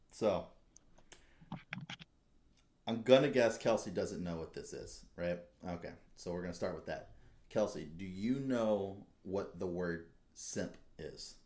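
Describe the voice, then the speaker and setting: A man's voice: deep voice, expressive, unhurried. A young man hosting a casual podcast, talking bluntly with heavy swearing and fired-up rants. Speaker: podcast host.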